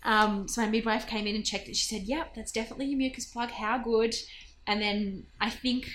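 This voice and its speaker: A woman's voice: on the high side, a little fast, slight background noise. Woman telling a chatty story. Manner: chatty, animated storytelling with laughs. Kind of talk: casual birth story.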